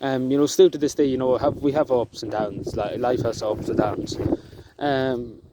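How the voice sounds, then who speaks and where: A man talking to camera outdoors in the countryside, halting and emotional, with many fillers and restarts. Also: medium pitch, fairly even intonation. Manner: soft-spoken and emotional. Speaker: vlogger. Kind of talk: emotional outdoor vlog talk. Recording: outdoor noise in the background.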